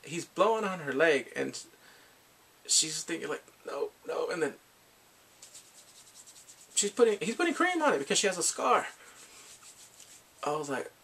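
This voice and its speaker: An excitable man chats through a drama recap in a casual, rambling way. His voice sits a bit high and has a gravelly edge. He laughs and sighs often and slips into the characters' lines as he tells the story. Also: unhurried, pauses often. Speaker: drama reviewer.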